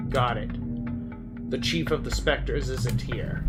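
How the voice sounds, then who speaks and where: A man's voice: medium pitch, measured pace. A man streaming a game, making offhand, wry asides between lines of game dialogue, over game music. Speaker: gaming streamer. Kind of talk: casual game commentary.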